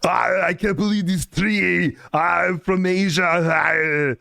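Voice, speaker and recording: A man putting on a bumbling lumberjack voice in a muscleman style, loud and halting. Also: high voice, steady tone, vocal fry, dry recording, clean studio sound, pitched above the performer's own voice, exaggerated voice. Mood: goofy.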